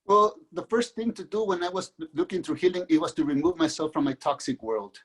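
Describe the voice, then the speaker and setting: A middle-aged man from Mexico, a guest author, telling his own life story in an earnest, halting way with many restarts. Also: sits high, lively intonation, breathy edge. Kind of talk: candid personal storytelling.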